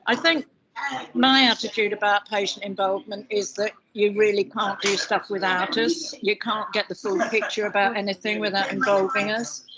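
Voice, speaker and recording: A loud, outspoken woman with a chatty manner, speaking as a patient representative on a conference panel. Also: medium pitch, fairly even intonation, moderate pace, highs cut off. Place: meeting house in London, busy room. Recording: crowd chatter behind. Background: background chatter.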